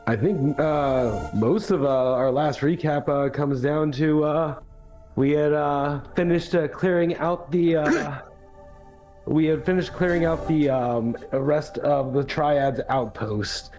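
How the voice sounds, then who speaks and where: A man recapping the last tabletop game session in a halting way, with many fillers. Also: fairly high pitch, fairly even intonation, a little mellow, faint music behind, rough recording. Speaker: player.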